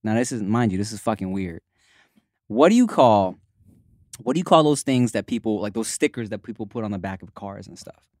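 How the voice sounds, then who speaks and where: Man with a Los Angeles accent, co-hosting a casual podcast chat, slangy and easygoing. His mid-pitched voice is close and dry, with no room sound. He laughs often between points. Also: lively intonation, brisk, a little mellow, no room sound. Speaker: podcast co-host.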